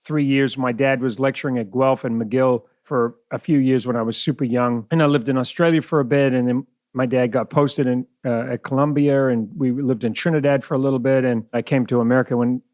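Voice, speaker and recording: A man's voice: medium pitch, steady tone, a little fast, few pauses, darkish tone, dry recording. A middle-aged man from New Zealand with a blended New Zealand and West Indian accent, chatting as a podcast guest and telling stories with frequent laughs. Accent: mixed New Zealand and West Indian. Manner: chatty storyteller, laughs often. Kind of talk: casual podcast conversation.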